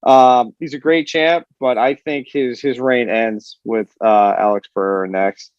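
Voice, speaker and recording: A man co-hosting a sports talk show, giving quick, opinionated fight analysis. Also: mid-range voice, fairly even intonation, clear, resonant tone, no room sound, highs cut off. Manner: opinionated, fast-talking analysis. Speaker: co-host. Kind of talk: casual sports chat.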